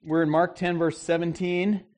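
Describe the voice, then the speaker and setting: Male pastor, higher-pitched voice, conversational and emphatic church sermon. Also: level tone, normal speed, a little mellow. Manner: conversational preaching, emphatic, acts out the people in the story. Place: church service.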